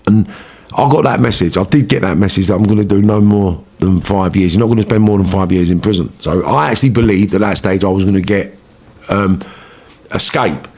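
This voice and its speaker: Low-voiced London man, swears freely, slangy interview storyteller who gets animated. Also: a little fast, breathy edge. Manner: animated, rising when reliving arguments. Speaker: interviewee telling his life story. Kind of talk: casual storytelling.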